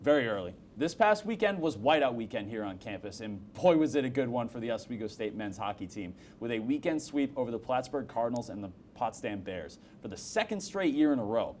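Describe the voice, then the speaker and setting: A young man in his twenties co-hosting a campus sports highlights show with wry, teasing humor. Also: big pitch swings, brisk, few pauses, darkish tone, a little hiss or hum. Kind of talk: joking sports banter and news reading.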